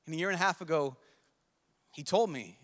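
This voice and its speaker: A young man who is a priest addresses a youth conference in a slightly high, slightly fast, somewhat bright voice. His sermon is emotional, earnest, and pleading, with frequent repetition, and the large conference hall gives it long reverb.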